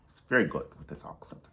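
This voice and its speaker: A man's voice: low voice, lively intonation, moderate pace, gravelly. A man giving a casual movie review monologue, sassy and emphatic, repeating himself for emphasis and dropping pet names.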